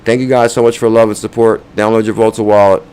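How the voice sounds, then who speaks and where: A man's voice: lowish voice, flat delivery, quick pace, darkish tone, clear, resonant tone. A man hosting a crypto channel, chatting loosely with viewers, counting down names and urging likes and comments. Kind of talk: casual livestream chat.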